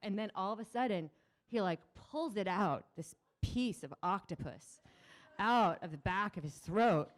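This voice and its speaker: A woman's voice: mid-range voice, lively intonation, a little slow. A middle-aged woman telling a personal story at a live community event, laughing, with many restarts. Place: small event stage.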